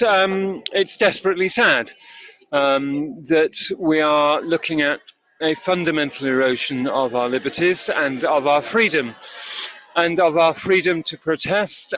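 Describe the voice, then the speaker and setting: An older man gives a grave, measured interview outdoors at night, speaking into a handheld microphone. His voice is bright and forceful, with a fairly high pitch for a man. The audio is dull and lo-fi. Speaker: protester. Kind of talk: on-the-spot street interview. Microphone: handheld mic.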